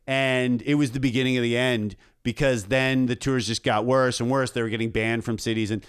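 A man chatting casually on a podcast as a guest, earnest and a little rambling, circling back on his own sentences. His voice is smooth and resonant, sitting at a middle pitch. The sound is dry and close. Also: fairly even intonation, no room sound. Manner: rambling, earnest, halting with restarts. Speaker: comedian guest.

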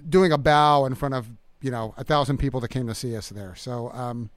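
Halting soft-spoken middle-aged man. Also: mid-range voice, clean tone, no room sound. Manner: halting, many restarts and fillers, soft-spoken. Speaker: guest musician. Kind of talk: casual interview chat.

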